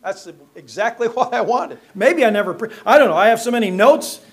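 High-voiced joking pastor. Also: male voice, lively intonation, a little fast. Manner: folksy, joking with the congregation. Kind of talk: sermon with scripture reading. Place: church.

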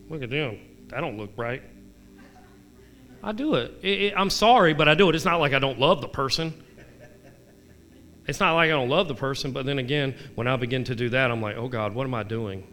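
A man with a bright, forceful voice sits down for a casual devotional chat. He is candid and self-deprecating and keeps asking his listeners questions. A somewhat high-pitched voice carries his scripture readings. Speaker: devotional vlogger.

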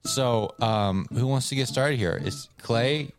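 A man's voice: mid-range voice, slow, faint music behind. A man co-hosting a casual podcast, joking and teasing his co-hosts with playful interruptions. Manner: jokey, interrupts, teasing asides. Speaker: podcast co-host. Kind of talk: casual chat.

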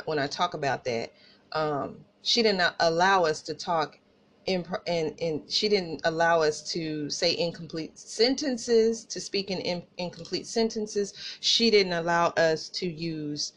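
A woman podcast host from Tulsa with an Oklahoma country accent, telling personal stories in a casual, animated way and talking straight to listeners. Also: fairly low pitch. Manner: animated, laughing asides, addresses listeners as y'all.

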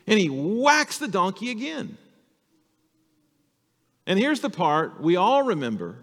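A male pastor telling a Bible story to children in an animated, storytelling sermon. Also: sits high, slow, pauses often, long reverb tail.

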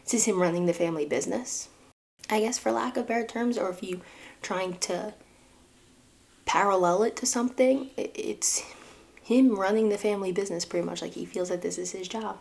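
A woman's voice: mid-range voice, brisk, creaky, a little mellow. A young woman with a New York accent hosting a casual podcast, chatting about a book and its film with asides to her listeners. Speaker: podcast host.

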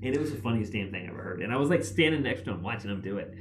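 A man telling stories as a podcast guest, rambling and animated, with constant "like" fillers. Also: on the low side, rapid-fire, noisy background. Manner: rambling, animated, heavy use of "like". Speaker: guest author. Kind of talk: casual podcast storytelling. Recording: roomy echo.

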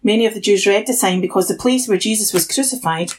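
A woman narrating a Bible passage in a steady, plain reading manner with a husky tone. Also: mid-range voice, fast, poor audio. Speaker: Bible reader. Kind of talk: scripture narration.

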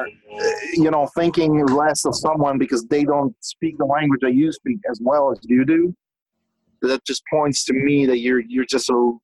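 A man telling stories as a guest in a casual conversation, animated and talkative, often restarting his sentences. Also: mid-range voice, no echo, poor audio. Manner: swears casually. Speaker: guest, business owner.

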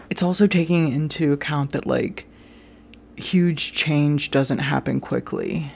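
A woman speaking in a confessional personal vlog, her voice gravelly with constant vocal fry. She talks emotionally and openly, swearing freely and filling her thoughts with "like" and "you know what I mean". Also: extremely low pitch, darkish tone.

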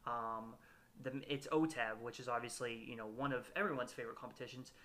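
A man's voice: mid-range voice, fairly quick, a bit bright. A man hosting a casual podcast, recapping a reality show with lots of ums and restarts. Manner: hesitant, lots of fillers and restarts. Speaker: podcast host.

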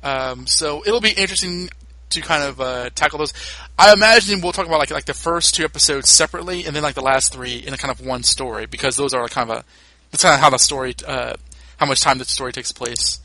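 Guy podcast host, bright voice, loose rambly recap, dry close sound. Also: mid-range voice, quick pace, no echo, low-quality recording. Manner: rambling, many fillers and restarts. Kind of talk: casual recap chat.

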